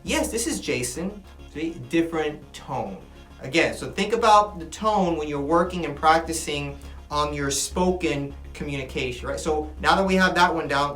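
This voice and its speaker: A man giving a classroom lecture. He talks in an animated way and keeps checking in with his listeners. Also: on the high side. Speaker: teacher. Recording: echoey room with faint music. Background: faint music.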